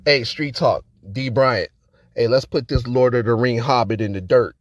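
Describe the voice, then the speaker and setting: A man's voice: mid-range voice, very animated, moderate pace, a bit bright, no room sound. A man performing a battle rap verse with an aggressive, taunting delivery. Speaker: battle rapper.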